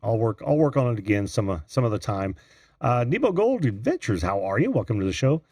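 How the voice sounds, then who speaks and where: A man's voice: medium pitch, big pitch swings, fairly quick, darkish tone, no room sound, clean studio sound. A man from Indiana hosting a live video call-in show, chatting casually, laughing often and greeting viewers by name. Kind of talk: casual live-stream chat.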